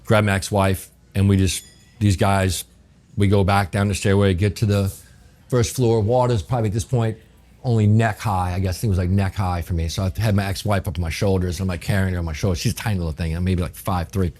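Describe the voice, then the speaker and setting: Speaking fairly quickly, this middle-aged New Orleans chef appears as a guest in a casual interview and shares a story. His voice sits very low, and his telling is vivid and profane, with the dialogue acted out along the way.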